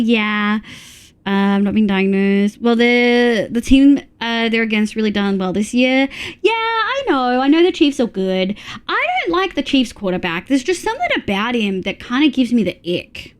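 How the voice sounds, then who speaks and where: A woman's voice: on the high side, lively intonation, unhurried, smooth. A young woman chatting casually on a live stream, reading chat aloud between laughs. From Australia.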